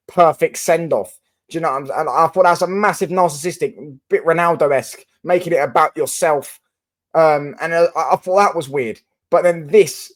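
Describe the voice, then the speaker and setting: A young man with a Mancunian English accent and a slightly high voice hosts a football channel, delivering casual solo reaction commentary. He rambles, swears, and often restarts his sentences.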